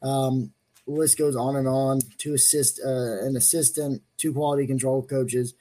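A man's voice: medium pitch, fairly even intonation, normal speed, dark tone. A man co-hosting a casual sports talk show, laid-back and full of fillers. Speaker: co-host.

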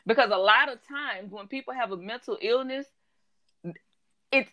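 A woman who works in mental health, telling animated stories in casual chat, laughing often and quoting people. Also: on the high side, moderate pace, lo-fi sound.

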